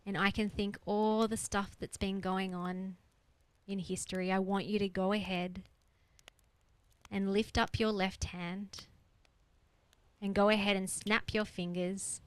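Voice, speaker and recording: A woman's voice: mid-range voice, little pitch movement, unhurried, long pauses, clear, resonant tone, no echo, poor audio. A woman coach leading a guided exercise on a group coaching call, earnest and explanatory, repeating her key points. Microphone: video call.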